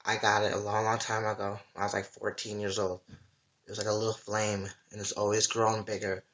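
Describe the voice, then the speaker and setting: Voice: sits low, level tone, fairly quick, fairly bright tone. A livestreamer in a casual, rambling monologue, emotional and full of swearing. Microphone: webcam or phone mic.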